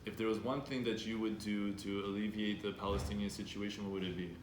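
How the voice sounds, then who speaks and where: Animated male speaking coach in echoey room. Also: lowish voice, fast talker, a little hiss or hum. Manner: direct, animated, acts out hesitant speakers. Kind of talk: live workshop talk to students. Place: event room with students. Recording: echoey room with faint background ambience.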